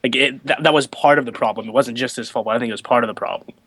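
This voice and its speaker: A man's voice: mid-range voice, fairly bright tone, dry recording. Man with a dry close voice. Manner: measured, reasoned opinions. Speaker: podcast co-host. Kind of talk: casual chat.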